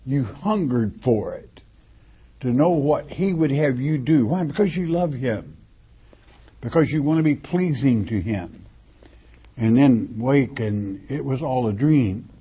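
A man preaching with a slightly husky voice at an unhurried pace. He reads verses aloud, then breaks them down with restarts and fillers. The recording sounds dull and lo-fi. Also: mid-range voice, expressive. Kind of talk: sermon reading and explaining scripture.

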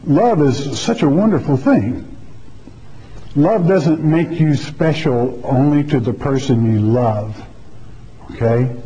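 Man, preacher teaching scripture; unhurried, mellow, folksy and conversational; roomy lo-fi hall sound. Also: medium pitch, slightly rough. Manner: folksy, chatty, often asks "okay?". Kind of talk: sermon, verse-by-verse Bible teaching.

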